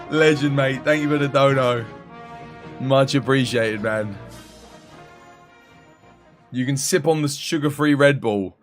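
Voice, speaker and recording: A man's voice: mid-range voice, soft background music. Worn-out man streaming late. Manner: weary and drawn-out, joking, thanking viewers by name. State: tired, voice going after eighteen hours. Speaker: live streamer. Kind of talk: casual live-stream chat with viewers.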